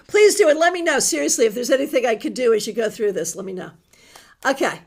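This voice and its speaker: Middle-aged woman doing a tarot livestream, chatty and emotional, voice a bit on the high side. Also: lively intonation, moderate pace, creaky, husky. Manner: chatty, warm toward viewers, emotional, reads comments aloud. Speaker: tarot reader host. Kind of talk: livestream chat reading viewer comments.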